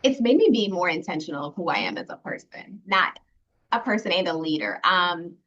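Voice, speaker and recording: A woman's voice: on the low side, big pitch swings, fairly quick, fairly bright tone, highs cut off. A woman alumna speaking earnestly and reflectively in a casual online panel, with many fillers. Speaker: program alumna. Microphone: video call.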